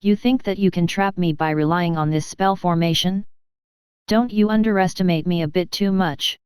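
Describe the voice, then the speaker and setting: A woman voicing an arrogant young male cultivator, calm and mocking, in a dry, clear recording. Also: fairly low pitch, moderate pace, dry recording, natural voice.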